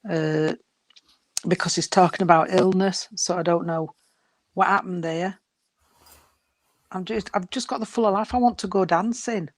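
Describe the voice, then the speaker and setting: A woman giving a spirit reading to a sitter, gentle and unhurried, often calling her sweetheart and darling. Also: fairly low pitch, fairly even intonation, no echo. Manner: unhurried, halting delivery. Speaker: psychic medium.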